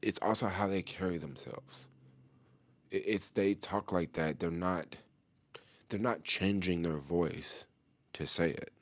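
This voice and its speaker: A middle-aged man with a deep, low voice talks loosely to camera, full of street slang and easy chuckles. He answers a viewer's question in an unhurried, conversational vlog style. The sound is close and dry, with no room around it. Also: dry recording. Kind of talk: casual talk to camera.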